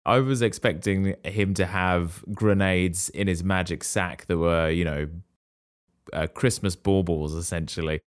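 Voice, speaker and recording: A man's voice: low voice, steady tone, measured pace, smooth. A man co-hosting a casual podcast, reacting playfully and joking about a film. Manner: playful, reacting with gasps and jokes. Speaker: podcast co-host. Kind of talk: casual chat.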